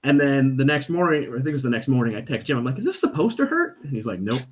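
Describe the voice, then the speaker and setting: A man's voice: mid-range voice, noisy background. A man, a guest on a podcast, telling a story in casual chat and acting out the voices of the people in it. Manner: animated, acts out quoted voices. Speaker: stage performer.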